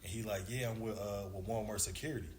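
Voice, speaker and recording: A man's voice: on the low side, fairly even intonation, fast, darkish tone. A man in his thirties, a former basketball player, telling a long story in a casual, slangy way and acting out the dialogue. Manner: laid-back slangy storyteller, acts out dialogue. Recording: echoey room with faint background noise.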